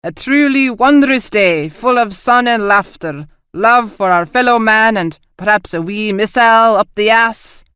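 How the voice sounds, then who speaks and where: A man's voice: high-pitched, measured pace, few pauses, pushed and bright, clear, resonant tone, dry recording, studio quality, voice pushed up. A woman voicing a joking male ship officer who puts on a hammy fake Scottish brogue.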